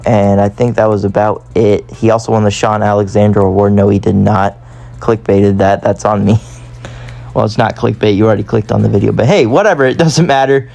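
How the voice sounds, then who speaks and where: A man's voice: lowish voice, steady tone, brisk, creaky, darkish tone. A man giving casual gameplay commentary, rambling and often correcting himself. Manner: rambling, self-correcting, chatty. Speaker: gaming YouTuber.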